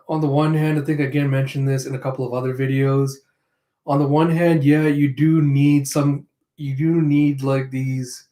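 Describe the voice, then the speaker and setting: A man's voice: mid-range voice, a little mellow. A man talking through a review in a loose, rambling way, circling back and restarting his points. His voice sits mid-range and carries a roomy echo. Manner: rambling, many fillers and restarts. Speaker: reaction video host. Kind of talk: casual review commentary.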